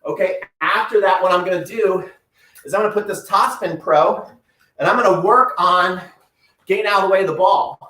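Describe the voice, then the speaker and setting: High-voiced tennis coach in echoey room. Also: male voice, normal speed, bright, forceful tone, recorded from a distance. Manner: upbeat, coaching while exercising. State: breathing heavily at times. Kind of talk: live-streamed home workout instruction. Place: room at home.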